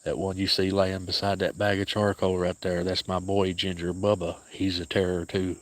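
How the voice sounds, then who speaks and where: A man with an Appalachian accent, hosting a casual livestream outdoors and speaking softly to viewers by name. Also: deep voice, flat delivery, normal speed, dry recording. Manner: soft-spoken, grieving, talks to viewers by name. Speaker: cat sanctuary livestream host.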